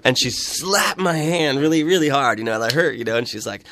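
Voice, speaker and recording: A man's voice: medium pitch, expressive, fairly quick, hardly any pauses, fairly bright tone. Man with a cold, rambling storyteller. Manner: rambling storyteller, lots of fillers and laughs. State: has a cold, voice deeper and rough. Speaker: folk musician guest. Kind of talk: casual radio interview chat. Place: radio studio.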